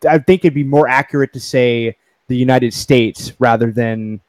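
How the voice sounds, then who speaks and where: Hesitant man, middle pitch, dry recording, casual group chat. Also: darkish tone, no echo. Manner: hesitant, halting restarts.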